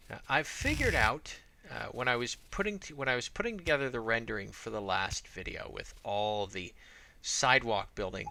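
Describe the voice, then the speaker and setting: A man's voice: medium pitch, vocal fry, noisy background. A man from Arizona giving casual let's-play commentary, rambling and thinking aloud with many fillers. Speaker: gameplay commentator.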